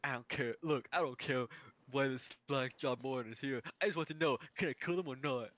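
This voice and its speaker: A man with a bright, forward voice reads a dating game's narration aloud and riffs on it between lines. He laughs a lot as he goes, in a loose, casual playthrough. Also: medium pitch, a little fast, dull audio. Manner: laughs often, reads narration then jokes about it. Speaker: player reading a dating game aloud. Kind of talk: casual game playthrough, reading and riffing.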